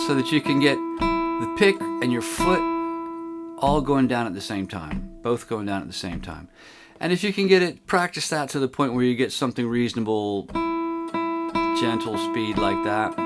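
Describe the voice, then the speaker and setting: A man giving a casual guitar lesson on video, explaining in a relaxed, rambling way and counting the picking aloud. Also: medium pitch. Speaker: guitar teacher. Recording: loud guitar playing behind.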